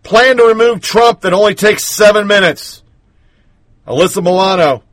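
A man's voice: sits high, normal speed, fairly bright tone, dry recording. A male host giving punchy, sarcastic opinion commentary as he runs through headlines and poll numbers.

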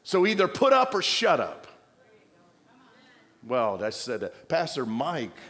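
A man's voice: on the high side, wildly swooping pitch, takes it slowly, fairly bright tone, in a large hall. A male pastor preaching a sermon, exhorting the church with playful asides and mock voices of the congregation.

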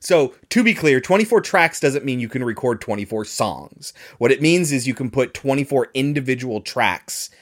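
A man in a relaxed podcast conversation, explaining things in a wry, amused way. His voice sits at an ordinary middle pitch, and he laughs easily as he picks a film apart. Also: moderate pace, hardly any pauses. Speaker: podcast co-host. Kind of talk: casual chat reviewing a film.

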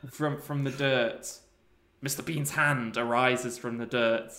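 A man's voice: medium pitch, steady tone, takes it slowly, bright, forceful tone. A man co-hosting a podcast over a video call, telling a comic story with lots of laughter. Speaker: podcast co-host. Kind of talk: casual comedic chat.

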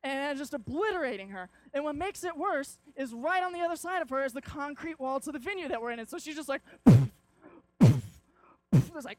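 A young man preaching a sermon, telling stories with lively acted-out moments. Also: extremely high pitch, dry recording. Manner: animated storytelling, acts out shouts and quotes.

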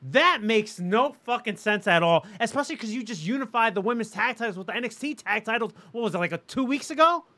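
Male podcast co-host, opinionated and emphatic; high, bright voice with an animated, swinging pitch. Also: fast, few pauses. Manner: opinionated, emphatic, swears freely. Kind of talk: casual wrestling talk.

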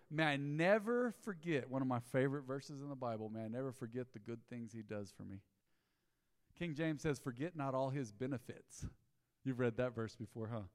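A man's voice: medium pitch, animated, fairly quick. Emphatic preaching man in a reverberant hall. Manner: preaching with rising emphatic bursts. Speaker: pastor. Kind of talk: sermon. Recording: echoey hall with long reverb.

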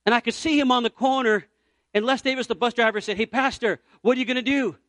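A man from Puerto Rico preaching a sermon as a traveling evangelist, telling a story and swinging from loud cries to hushed, near-whispered moments. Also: very high-pitched, fast, no room sound.

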